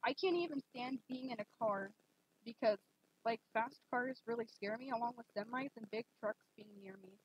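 A young woman streaming a game, chatting casually and rambling with lots of fillers, gushing excitedly at times. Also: on the high side, normal speed, a little hiss or hum. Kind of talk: casual live-stream chat. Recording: dull lo-fi stream mic.

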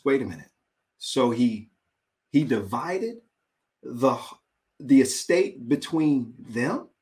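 A man pastor preaching in a conversational sermon, animated and dramatic, breaking off and restarting as he thinks aloud. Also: mid-range voice.

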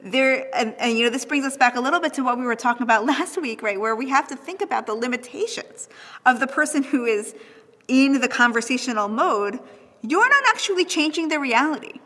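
A young adult woman lecturing on texts, thoughtful and animated, often checking in with "right?". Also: high voice, slightly rough, big-room sound.

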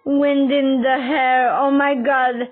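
High-voiced woman, gushing reaction talk, squeals and whoops, unhurried, muffled lo-fi sound. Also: little pitch movement. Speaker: reaction video host. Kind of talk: excited reaction commentary.

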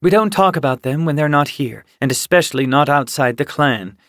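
Guarded she-cat warrior mentor in an audiobook, curt and commanding; voiced by a male narrator up in pitch. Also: animated, a little fast, fairly bright tone, no echo, studio quality. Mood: brisk.

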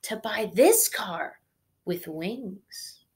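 A woman's voice: mid-range voice, animated, very slow. A woman reading aloud as a boastful mayfly selling a flying car in a storybook, bragging.

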